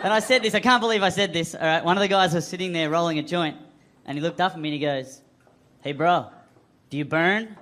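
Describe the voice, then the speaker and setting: A man's voice: high-pitched, fast talker, sharp tone. An Australian man doing a self-mocking stand-up set on a comedy club stage, with the audience laughing along. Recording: live club crowd noise.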